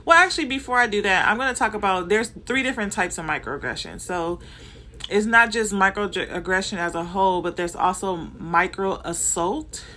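Woman, Southern Californian accent, bright tone, casual explainer, lots of fillers and restarts. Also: mid-range voice, normal speed, slight background noise. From Compton, Los Angeles, United States. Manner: conversational, with frequent fillers and self-corrections. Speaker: manager sharing workplace experiences.

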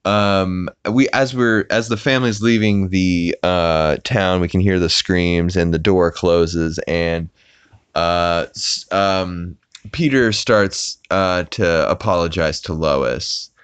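Deep-voiced, rambling podcast host. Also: male voice, slow, clean tone, no echo. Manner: rambling, lots of fillers and restarts. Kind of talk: casual episode recap.

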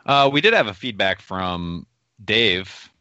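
A man's voice: fairly low pitch, expressive, slow pace, sharp tone, no room sound, dull audio. A man co-hosting a casual podcast, teasing his friends and reading listener feedback aloud. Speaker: podcast co-host. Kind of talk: casual chat.

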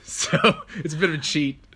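A man's voice: fairly high pitch, pushed and bright, a little hiss or hum. A man hosting a podcast, playful and rambling, laughing often as he chats with his guest. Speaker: podcast host. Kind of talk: casual chat.

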